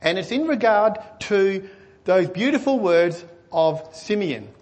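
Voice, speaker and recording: A man preaching a sermon, earnestly asking his listeners questions and swinging between excited and hushed delivery. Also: high-pitched, unhurried. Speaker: pastor.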